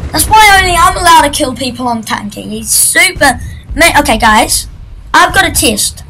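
A woman's voice: high-pitched, lively intonation, normal speed, background noise. A woman giving casual, jokey commentary while playing a video game, chatting and shrieking at events in the game. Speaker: gaming video creator. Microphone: computer microphone.

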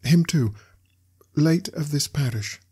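A man voicing a small frightened boy who answers timidly and politely, with a raised, husky pitch. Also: slow, a little mellow, exaggerated voice.

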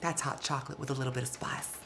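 A man's voice: mid-range voice, little pitch movement, fast talker, gravelly, heavy background noise, natural voice. A man performing a bubbly, sassy woman who hosts a holiday cooking show, cheerful and campy, calling the viewers "y'all".

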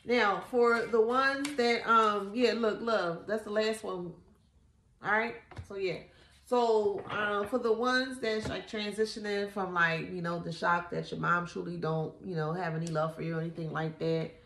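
A woman's voice: mid-range voice, steady tone, unhurried, fairly bright tone, a little hiss or hum. Blunt, cussing woman reading tarot. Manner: blunt, profane, mocking, laughs often. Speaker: tarot reader. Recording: echoey room.

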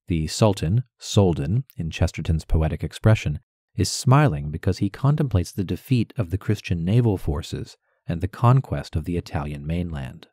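A man giving a poetry lesson as a voice-over, measured and deliberate, carefully stressing syllables. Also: sits low, animated, dark tone, dry recording, clean studio sound. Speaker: poetry teacher. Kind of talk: instructional narration with poem recitation.

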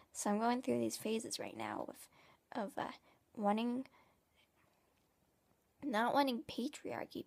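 A woman playing a smug, passive-aggressive 1950s family dad who rambles and restarts his sentences in a husky, half-whispered voice. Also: a little high, full character voice. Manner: rambling, halting, with many restarts. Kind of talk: comic character monologue.

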